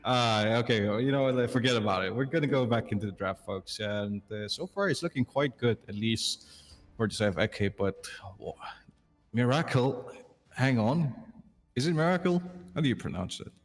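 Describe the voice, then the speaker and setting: A man casting a live esports match, animated, exclaiming often and quick to laugh. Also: lowish voice, big-room sound. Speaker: esports caster.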